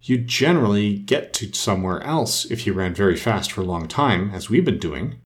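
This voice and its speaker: A man's voice: fairly low pitch, animated, moderate pace, close to an everyday voice. A man voicing a curious, polite young girl who talks eagerly and a little breathlessly in a storybook reading. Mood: puzzled.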